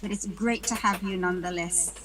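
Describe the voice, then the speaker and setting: A woman's voice: on the low side, steady tone, a little fast, poor audio. A woman from the UK hosting an online panel, chatting casually and greeting attendees by name with light jokes over a video call. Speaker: webinar host.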